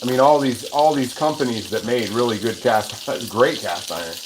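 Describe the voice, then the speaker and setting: A man talks loosely as he cooks, drifting from thought to thought and starting over often. His home kitchen is noisy, with a frying pan sizzling clearly behind him. His pitch is ordinary for a man. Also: normal speed. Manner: rambling and chatty, with many restarts. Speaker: host of a cooking livestream. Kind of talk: casual chat while cooking and reading viewer comments. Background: sizzling pan and running water.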